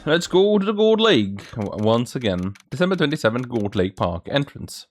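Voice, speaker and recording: A man's voice: big pitch swings, moderate pace, hardly any pauses, faint music behind. A man hosting a let's play, reading the game's characters aloud in shifting voices. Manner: reads lines for several game characters with shifting pitch. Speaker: gaming channel host.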